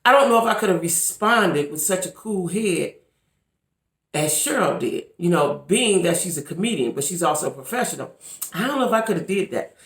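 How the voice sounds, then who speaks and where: A woman's voice: lowish voice, animated, a little fast, roomy sound. A woman vlogging to camera in casual commentary, emphatic and repetitive, talking straight to her viewers. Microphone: camera mic.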